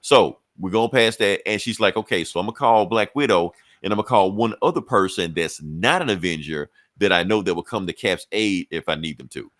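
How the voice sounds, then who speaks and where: Man, low-pitched, casual profane comic-recap host, dry close sound. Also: expressive, fairly bright tone, no room sound. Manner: loose, profane storytelling with quick acted-out quotes. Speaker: comic book podcast host.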